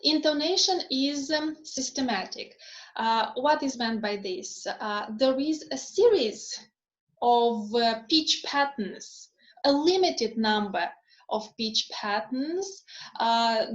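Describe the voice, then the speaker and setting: Slow-talking woman lecturer in an echoey room. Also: a little high, lively intonation. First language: not English. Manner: slow, deliberate, frequent ums and rhetorical questions. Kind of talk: recorded phonetics lecture. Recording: echoey room, dull lo-fi sound.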